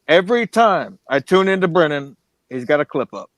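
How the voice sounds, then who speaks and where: A man co-hosting a podcast, ranting fast and swearing in casual banter. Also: on the high side, very animated, fairly bright tone, no room sound. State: angry. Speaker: podcast co-host.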